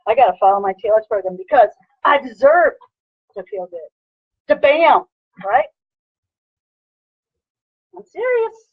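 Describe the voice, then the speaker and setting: A woman personal trainer giving an energetic motivational lecture, punchy and repetitive, with a husky voice. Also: on the high side, dry recording, lo-fi sound. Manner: energetic, punchy, repeats "bam" and "right?".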